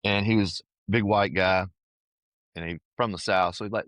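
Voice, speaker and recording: A powerlifter guesting on a podcast shares a personal story, casual and earnest, dropping "dude" and "man" often. His voice is low and a bit bright with a steady tone and moderate pace, and there's no room sound.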